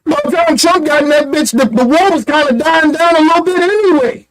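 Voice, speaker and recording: A man's voice: very high voice, fairly quick, soft background music, low-quality recording. A man giving a heated, profane commentary rant, blunt and emphatic, firing off rhetorical questions. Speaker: online commentator.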